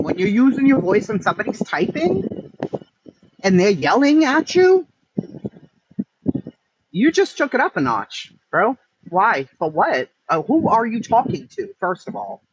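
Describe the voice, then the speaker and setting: A man, an online streamer, ranting in blunt, profane, emphatic commentary. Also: high-pitched. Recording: muffled with steady background noise.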